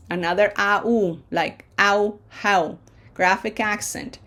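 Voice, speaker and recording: A patient woman teaching pronunciation at an unhurried pace. She drags out each syllable when modeling words and often checks in with the listener. Her voice sits at an ordinary middle pitch. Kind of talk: slow pronunciation lesson.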